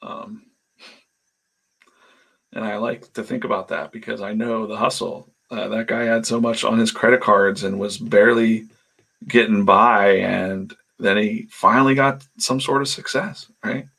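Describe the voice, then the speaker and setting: A man's voice: fairly low pitch, fairly even intonation, measured pace, creaky, bright, forceful tone, slightly rough. A man, a comic artist, telling stories in a rambling, chatty way while he draws, often trailing off into mumbles. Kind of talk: casual storytelling while working.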